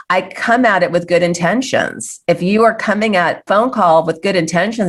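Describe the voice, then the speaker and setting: Earnest middle-aged woman talking candidly. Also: on the low side. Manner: earnest, self-reflective, frequent restarts. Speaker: guest, filmmaker. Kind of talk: casual interview chat.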